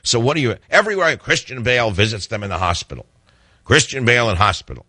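A man's voice: medium pitch, big pitch swings, quick pace, bright, forceful tone, slightly rough, no echo, clean studio sound. A middle-aged man hosting a talk radio call-in show, blunt and opinionated, chuckling often.

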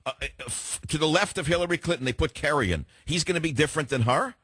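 A man's voice: on the high side, quick pace, a bit bright, slightly rough, dry recording, clean studio sound. Combative, opinionated male radio host. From San Francisco, USA. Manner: combative, opinionated, cuts callers off. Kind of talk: call-in talk radio.

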